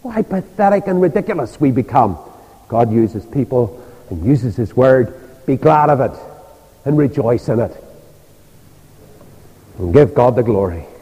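A man's voice: medium pitch, big pitch swings, measured pace, pauses often, dark tone, slightly rough. An older man with a Northern Irish accent preaching a sermon, telling stories animatedly and acting out the voices of the people in them. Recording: dull reverberant church hall.

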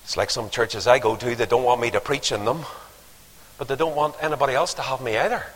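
A man preaching a sermon, telling stories with lively acted-out voices. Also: mid-range voice, fast. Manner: animated storytelling, acting out voices. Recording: long hall reverb.

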